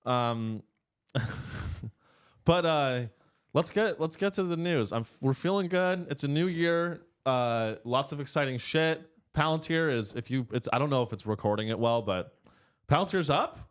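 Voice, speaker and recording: A man's voice: expressive, measured pace, smooth. A man in his thirties hosting a casual comedic podcast in a studio, rambling and crude with plenty of jokes. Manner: rambling, crude, jokey, swings pitch widely. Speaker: podcast host.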